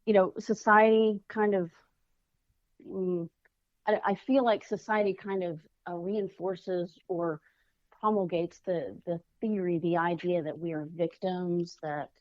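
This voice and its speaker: A woman guest on a podcast, a children's author and life coach, telling stories in lively, casual chat and acting out the quotes. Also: on the low side, unhurried, no echo, lo-fi sound. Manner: animated storyteller, acts out quotes.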